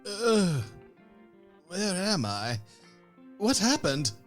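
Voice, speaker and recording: A man's voice: sits high, very animated, extremely slow, faint music behind, heavily acted. An actor playing a posh, anxious crewman who frets and frets. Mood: fretful. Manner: posh, fretful. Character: snobbish, anxious male crewman. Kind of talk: comedic audio drama.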